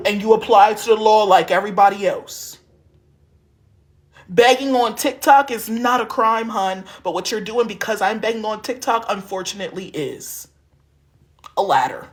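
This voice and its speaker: A man from Harrisburg, Pennsylvania, rants angrily and profanely into his phone during a live stream. His voice is high and moves at a normal speed.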